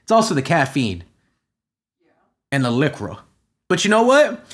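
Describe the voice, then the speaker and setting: A man hosting a comedy podcast, ranting in a profane, agitated way and swinging between shouting and muttering. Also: fairly high pitch, wildly swooping pitch, unhurried, pauses often. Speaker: podcast host.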